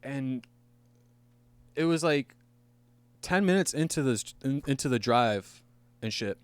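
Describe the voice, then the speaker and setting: A man's voice: mid-range voice, lively intonation, measured pace, clear, resonant tone, dry recording. A man telling a rambling, profane story on a casual podcast, laughing at himself as he goes. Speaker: podcast host. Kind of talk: casual storytelling among friends.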